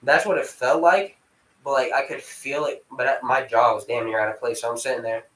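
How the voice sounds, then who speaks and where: A young man spins a loose, rambling story from his home, cursing often and stopping to scold his dog. His voice sits at a middle pitch. The room around him rings with a noticeable echo. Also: brisk, fairly bright tone, recorded from a distance. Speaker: vlogger. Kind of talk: casual storytelling. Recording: echoey room.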